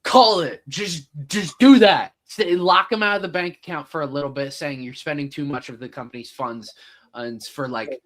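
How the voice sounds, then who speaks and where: Halting man in a casual show chat. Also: on the high side, fairly bright tone. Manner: halting, full of fillers like "like" and "uh". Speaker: co-host of a TV reaction show.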